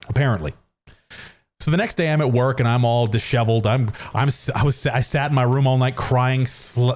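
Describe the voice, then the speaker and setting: A man's voice: medium pitch, a little mellow. A man streaming from his home gaming setup on a studio microphone, telling a story in a rambling, self-mocking way full of restarts and fillers. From Canada. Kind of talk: casual storytelling while gaming. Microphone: studio dynamic microphone.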